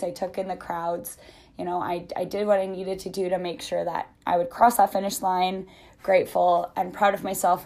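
Lower-voiced woman telling a personal story. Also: darkish tone. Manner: reflective, chatty, many fillers. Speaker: podcast host.

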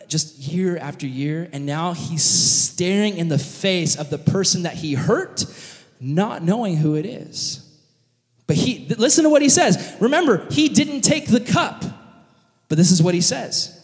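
Man preacher, high voice, animated storyteller, big hall reverb. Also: unhurried. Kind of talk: sermon storytelling. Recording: long reverb of a large hall.

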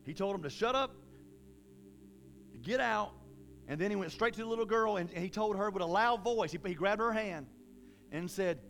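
A man preaching a sermon in a casual, folksy way, with animated bursts of emphasis. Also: high-pitched, moderate pace, creaky, pauses often, faint music behind.

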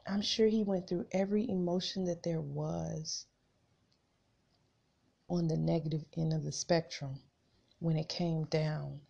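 Slow, low-voiced woman podcaster. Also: fairly even intonation, creaky, mellow, husky. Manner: chatty, addresses listeners as "y'all"; emphatic, repeats phrases for effect. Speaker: podcast host. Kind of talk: casual devotional talk with scripture reading. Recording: dull lo-fi recording.

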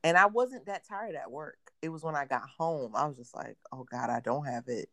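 She speaks at a moderate pace in a deep voice, with no room sound. A woman in her thirties co-hosting a podcast, she keeps the chat casual while animatedly acting out quotes in her stories.

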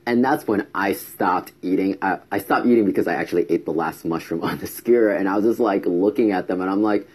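Casual storyteller, male, deep husky voice, chatty delivery that acts out quoted lines. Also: normal speed, a little mellow. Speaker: vlogger.

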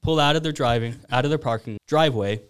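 A young man casually telling a long story in an animated, giggly way with lots of fillers. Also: medium pitch, fast talker, clean tone. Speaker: podcast co-host.

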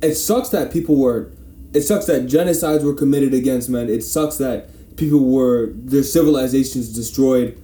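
A man's voice: medium pitch, normal speed, dark tone. A man in casual discussion, making emphatic points with sarcastic rhetorical questions. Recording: echoey room.

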